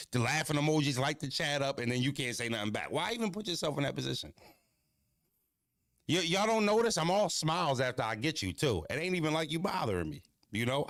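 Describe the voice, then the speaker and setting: A man's voice: medium pitch, a bit bright, dry recording, studio quality. A young man hosting a livestream, joking loosely and profanely, laughing and roasting his chat. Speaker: livestream host.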